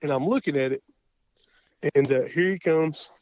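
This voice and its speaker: A man with an Oklahoma accent, a guest telling a hunting story in a casual interview, folksy and animated, acting out his own thoughts. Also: on the high side, normal speed, dry recording. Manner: folksy, animated, lots of quoted self-talk. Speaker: guest hunter. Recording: muffled dry podcast audio.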